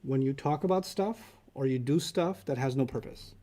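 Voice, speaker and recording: A man's voice: mid-range voice, normal speed, warm tone. A man teaching Arabic vocabulary in a casual class, quizzing students and telling humorous stories.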